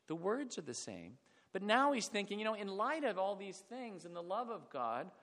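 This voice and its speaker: A middle-aged man preaching a reflective sermon, falling to a hush on sad points. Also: high-pitched, very animated, measured pace. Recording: long hall reverb.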